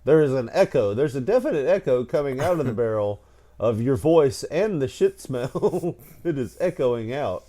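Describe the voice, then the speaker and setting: A man's voice: mid-range voice, lively intonation, moderate pace, dark tone. A man co-hosting a casual podcast, telling funny childhood stories with frequent laughter and a tired, stammering delivery. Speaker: podcast co-host. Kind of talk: casual storytelling chat.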